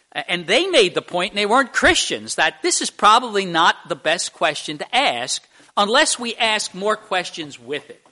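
A male pastor preaching a conversational sermon in church, halting with fillers and restarts and speaking directly to the children. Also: a little high, pushed and bright. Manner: addresses children in the congregation directly.

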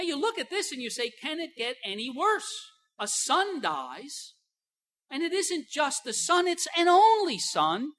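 An older woman delivering a sermon in a bright, fairly high voice. She preaches emphatically, drawing key phrases out slowly and moving between quiet asides and loud stresses.

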